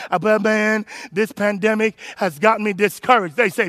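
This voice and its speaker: A man pastor, preaching an animated sermon and calling out to his congregation. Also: high voice, moderate pace, few pauses, dry recording. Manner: animated preaching, calls to the congregation, rises to shouts.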